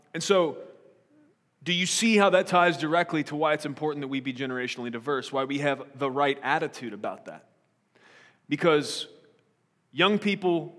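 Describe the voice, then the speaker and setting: A man's voice: mid-range voice, fairly bright tone. A man preaching a sermon as pastor, reading scripture and then retelling it in a casual, joking way. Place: church sanctuary. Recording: long church hall reverb.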